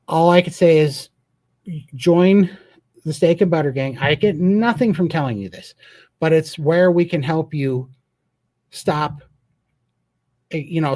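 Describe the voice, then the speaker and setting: A man's voice: on the high side, a little mellow, dry recording. Earnest man hosting a live Q&A. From Montana, USA. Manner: earnest and emphatic, with a storytelling streak. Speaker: host. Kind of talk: live Q&A chat.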